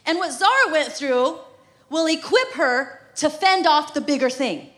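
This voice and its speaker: A woman in her thirties delivers a sermon with a high, light voice. She talks to the congregation like a friend, telling stories from her own life with humor and easy laughter. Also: lively intonation, unhurried, fairly bright tone. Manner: conversational and humorous, laughing often. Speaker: preacher. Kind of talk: sermon with prayer and personal story.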